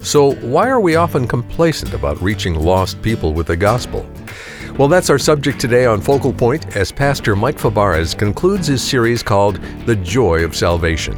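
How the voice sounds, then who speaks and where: A man reading a scripted radio program introduction in a smooth, measured way. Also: mid-range voice, very animated. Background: guitar music.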